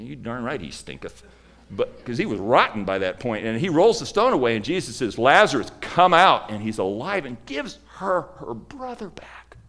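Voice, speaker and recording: A male preacher delivering a sermon in a medium-pitched voice. He tells the story dramatically, rising to loud emphasis and then dropping to hushed, near-whispered lines. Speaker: pastor.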